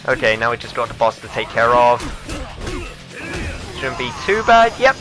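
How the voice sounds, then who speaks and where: A man's voice: mid-range voice, very animated, moderate pace, over music. A young man hosting a let's play, chatty and joking in casual gameplay commentary.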